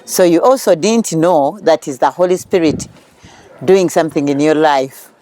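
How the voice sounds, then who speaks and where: Mellow-voiced host with a Ugandan accent. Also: medium pitch, normal speed. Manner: encouraging, echoes the guest with amens and wows. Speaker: TV talk show host. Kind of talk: casual interview chat.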